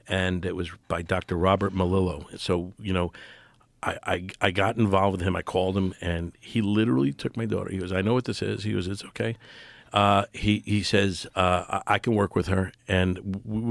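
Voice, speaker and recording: Low gravelly american guy, middle-aged, podcast guest, lots of restarts and fillers, dry close mic. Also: no echo. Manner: halting, full of restarts and fillers, earnest. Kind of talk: casual conversation.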